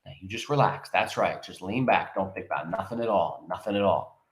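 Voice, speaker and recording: A man voicing an older mother in a stage play, speaking softly and soothingly to calm her family. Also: a little fast. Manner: soft, low, soothing.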